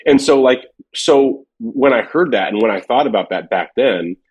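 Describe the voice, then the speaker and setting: A man's voice: medium pitch, expressive, moderate pace, darkish tone, husky, lo-fi sound. A man chatting casually in a podcast, telling rambling stories from his years at a drum company, full of fillers and restarts.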